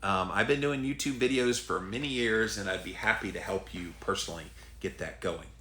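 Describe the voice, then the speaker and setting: A middle-aged Southern US man hosts a casual live stream, reading viewer comments aloud in an earnest, chatty, drawn-out manner. His voice is fairly low with a fairly bright tone, and the sound is roomy.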